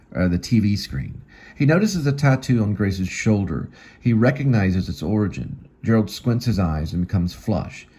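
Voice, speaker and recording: Deep husky man reading a script. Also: dark tone. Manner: plain reading of scene directions, with small slips. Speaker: actor and channel host. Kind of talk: reading his own screenplay aloud.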